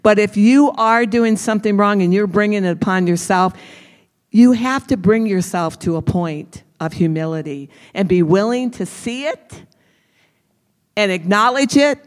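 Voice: mid-range voice, in a large hall. A preacher giving a sermon, emphatic, repeating phrases and calling on the listeners directly.

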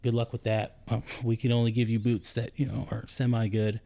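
A man, a soldier and podcast co-host, telling a story in casual chat, his voice climbing high when he gets indignant. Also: brisk, vocal fry. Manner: animated storytelling, rising pitch when indignant.

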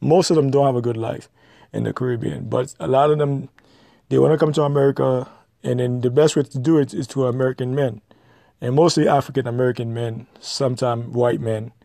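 A man's voice: mid-range voice, fairly even intonation, fairly quick, gravelly, dark tone, no echo, studio quality. A man giving blunt, lecturing advice in an opinionated monologue, repeating his points.

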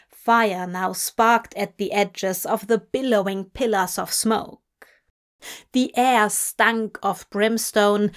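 A woman reading fanfiction aloud as an audiobook, telling the story slowly and deliberately. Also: a little high. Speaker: audiobook reader.

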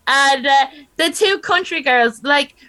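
A young Irish woman from the countryside telling a comic story in casual chat, animated and often laughing as she goes. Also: high-pitched, takes it slowly. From rural Ireland.

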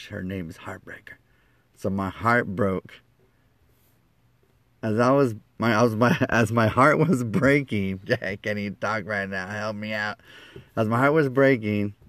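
Low-voiced man telling a personal story. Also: no room sound. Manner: lively, acts out quoted lines, laughs at himself.

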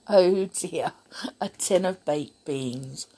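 A woman reading a children's picture book aloud in an animated, playful, expressive way. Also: mid-range voice, slow. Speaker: storyteller.

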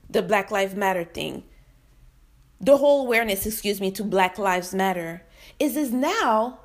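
A young adult woman giving impassioned personal commentary, heated and blunt, swearing freely. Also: medium pitch.

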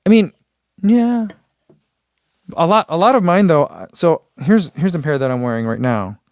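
A man's voice: a little high, lively intonation, moderate pace, a little mellow, clear, resonant tone, no room sound, studio quality. A man reviewing running gear in a casual live chat, musing aloud with fillers and reading out viewer comments.

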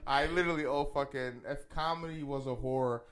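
A man's voice: mid-range voice, steady tone, brisk, a bit bright. Man, twenties, comedian, profane, blunt, self-mocking, casual chat. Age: 20s. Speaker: comedian guest.

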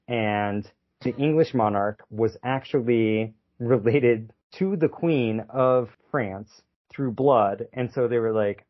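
A man's voice: on the low side, phone-quality sound. A man co-hosting a podcast, chatting casually in a rambling, joking way and often slipping into goofy put-on voices. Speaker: podcast co-host. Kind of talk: casual chat.

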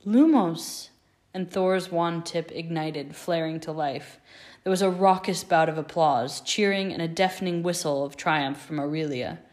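A woman narrating a fan fiction story aloud in a measured, expressive reading. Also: low voice.

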